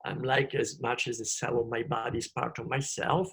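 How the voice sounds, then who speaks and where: Gravelly man musing. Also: mid-range voice, little pitch movement, normal speed, fairly bright tone. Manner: emphatic, repeats phrases. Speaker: guest. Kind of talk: spiritual conversation.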